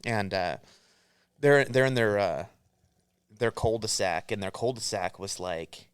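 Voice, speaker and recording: A man's voice: fairly low pitch, measured pace, smooth, no echo, studio quality. A man co-hosting a podcast, telling a rambling, profane story in casual chat, laughing as he goes. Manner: rambling storyteller, swears freely, laughs a lot. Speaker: podcast co-host.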